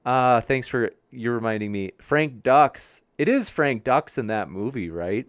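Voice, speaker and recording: Speaking at a measured pace with a medium pitch and lots of animation, a debate show host reads live chat over clean studio sound with no room sound. He stays friendly and upbeat with his viewers but stumbles over their names.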